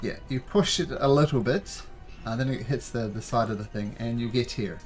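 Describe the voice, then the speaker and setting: A man running a tabletop game as game master, calmly explaining rules and narrating the scene. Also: medium pitch, moderate pace, faint music behind. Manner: calm, explains rules patiently.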